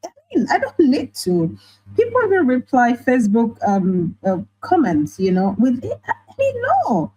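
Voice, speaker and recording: A woman with a Nigerian accent, an online teacher and writer talking in a casual interview, animated and quick to act out the voices she quotes. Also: fairly high pitch, husky, lo-fi sound. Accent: Nigerian English. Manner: animated, often laughing, acts out quoted voices.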